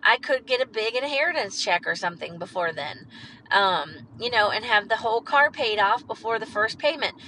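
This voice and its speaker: Bright-voiced woman rambling on a podcast. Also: mid-range voice, expressive, moderate pace, a little hiss or hum, low-quality recording. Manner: rambling and candid, with frequent swearing and fillers. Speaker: podcast host. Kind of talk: casual solo podcast monologue.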